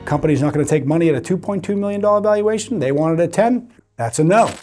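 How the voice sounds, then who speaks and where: An American man in his forties with a faint Boston accent, chatting as a guest. He is direct and emphatic, and he often restarts his sentences. His tone is mellow and dark. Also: a little high, expressive, fast, soft background music. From Boston, USA. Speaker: guest, private equity banker. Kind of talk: casual podcast chat.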